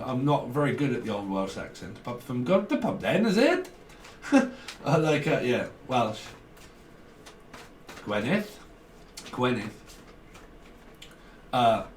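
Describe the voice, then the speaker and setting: A man giving a casual tarot reading, rambling and joking with chuckles between thoughts. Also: mid-range voice. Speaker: tarot reader. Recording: roomy echo, distant from mic, faint noise.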